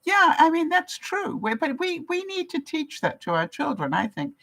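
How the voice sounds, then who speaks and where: A woman's voice: high-pitched, very animated, moderate pace, gravelly, fairly bright tone, low-quality recording. An older woman from Canada, a vlogger chatting casually as she reads out viewer comments, laughing often and asking her viewers questions. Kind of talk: casual live-chat talk.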